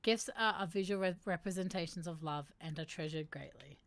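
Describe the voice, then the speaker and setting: A young woman hosting a casual livestream, reading aloud and chatting, animated, laughing and swearing now and then. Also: fairly low pitch, brisk, hardly any pauses. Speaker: streamer hosting a mental health segment.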